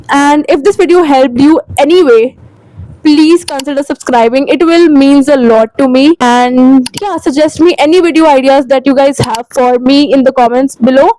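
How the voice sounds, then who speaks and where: A woman's voice: high-pitched, dark tone, dry recording, rough recording. A young woman with an Indian English accent giving earnest, chatty advice in a vlog, now and then slipping into Hindi phrases. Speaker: language-learning vlogger.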